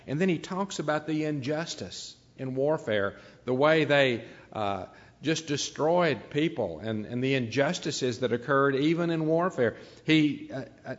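A man preaching a sermon, pausing often with "uh" and building to emphatic peaks. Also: on the high side, long reverb tail, lo-fi sound. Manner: unscripted delivery with frequent "uh" pauses, building to emphatic peaks.

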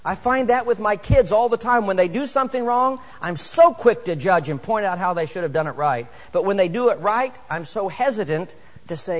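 A middle-aged man delivers a sermon in a church. His voice sits high for a man, and it rings out with a long echo through the hall. He is animated and builds to emphatic appeals. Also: normal speed. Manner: animated, rising to emphatic exhortation. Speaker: preacher. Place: church sanctuary.

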